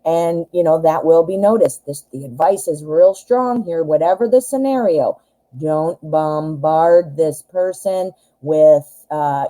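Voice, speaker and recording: Woman tarot reader, casual to-camera chat, warm low voice, lots of "um" and "you know". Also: slow, rough recording. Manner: chatty, advising directly, frequent fillers. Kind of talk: casual pick-a-card tarot reading to camera.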